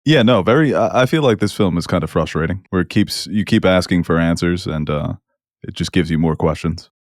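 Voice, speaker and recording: A man's voice: low-pitched, a little fast, no room sound, clean studio sound. A man co-hosting a movie podcast, making wry jokes and easing into a film review in casual chat. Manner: wry, joking, easygoing. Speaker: podcast co-host.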